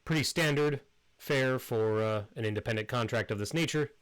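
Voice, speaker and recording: A man voicing a smooth, careful male town councilman who speaks formally, with hesitant fillers. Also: mid-range voice, normal speed, fairly bright tone, dry recording, lightly acted, rough recording. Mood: measured, formal.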